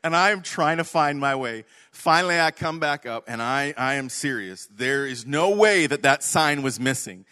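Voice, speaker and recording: A man preaching a sermon, telling an animated story, swinging from loud to hushed. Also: medium pitch, moderate pace, hardly any pauses. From Canada. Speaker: pastor.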